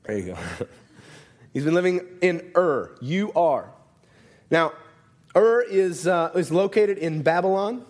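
A man's voice: high-pitched, lively intonation, slow, pauses often, a little mellow. A man preaching a sermon in a conversational way, often asking "right?" and restarting his sentences. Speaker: pastor.

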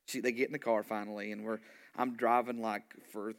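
A man, a pastor telling a story in a sermon, animated and conversational, full of asides. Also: medium pitch, fast talker.

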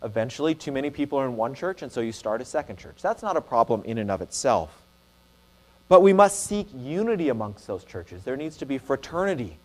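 A man preaching a sermon in an earnest, measured way, sometimes restarting a phrase. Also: medium pitch, darkish tone. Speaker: pastor.

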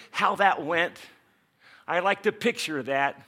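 A man preaching from the pulpit with a bright, forward voice. He tells a Bible story with lively storytelling and slips into the voices of its characters. His talk is casual and direct, a pastor speaking to his congregation. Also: sits high, slow. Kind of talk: sermon.

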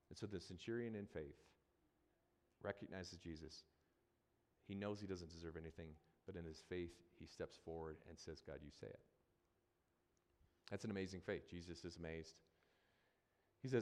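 A man's voice: sits low, normal speed, pauses often, a little mellow, big-room sound. A man preaching a sermon as a pastor, talking conversationally and repeating phrases for emphasis.

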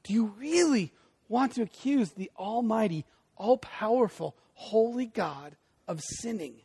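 A man preaching a sermon with a lively, swooping delivery. His voice is fairly high for a man, with a gravelly edge. He moves between loud bursts and hushed emphasis and keeps throwing conversational asides to the congregation. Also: measured pace. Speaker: pastor.

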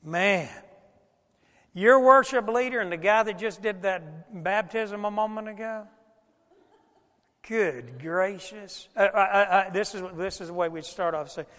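An older man, a pastor preaching a folksy, animated sermon with loud bursts in a church. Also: high voice, a little slow, big-room sound. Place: church sanctuary.

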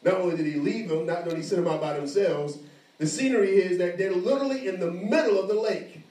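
A high-voiced man preaches with energy, slipping into the voices of the people in his story. The sound is echoey and comes from a distance, as in a large room. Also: fast talker. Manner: animated preaching, acting out voices. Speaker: pastor. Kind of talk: sermon.

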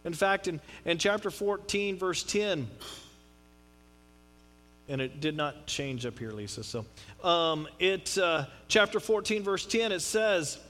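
A man's voice: sits high, animated, slow pace, a bit bright. A middle-aged male pastor from Texas preaching a sermon in a conversational, rambling way, with frequent restarts and asides. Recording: long hall reverb with mains hum.

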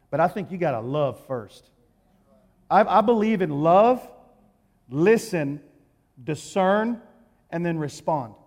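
A man preaching as an evangelist, telling a story and repeating his key points with emphasis, swinging between hushed and loud. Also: high-pitched. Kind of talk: sermon with story. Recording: hall reverb.

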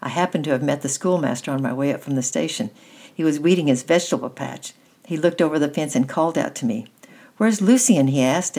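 A woman voicing a sharp-tongued older sister in a storybook, speaking in a loud, scolding way, higher than her own voice. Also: husky.

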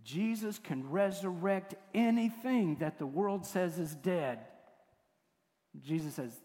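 An older man preaching a sermon as pastor, moving between forceful points and hushed, tender passages. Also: sits high, expressive, takes it slowly. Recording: long hall reverb.

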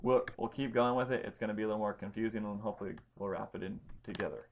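A man's voice: on the low side, racing, background noise. A man leading a casual Bible study, explaining Greek grammar with emphasis and frequent ums. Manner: informal, stresses key words, many ums and restarts.

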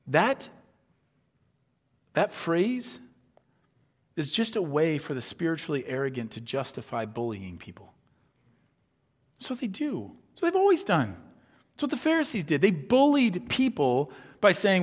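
Higher-voiced preacher in a reverberant hall. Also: male voice, sing-song, unhurried. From upper Midwest of the US. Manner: conversational, rhetorical asides, acts out quoted voices. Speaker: pastor. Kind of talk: sermon.

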